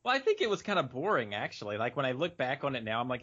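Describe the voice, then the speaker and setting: A man's voice: medium pitch, big pitch swings, racing, few pauses, fairly bright tone. A man co-hosting a podcast, chatting casually with dry, teasing banter and casual swearing. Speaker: podcast co-host. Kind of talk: casual chat. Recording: dull lo-fi recording.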